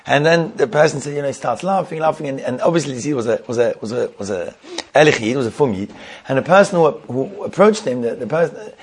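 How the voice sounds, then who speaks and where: A man's voice: medium pitch, lively intonation, quick pace, a little hiss or hum. A man telling a Hasidic tale, often repeating and restarting himself and using Yiddish terms. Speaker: storyteller.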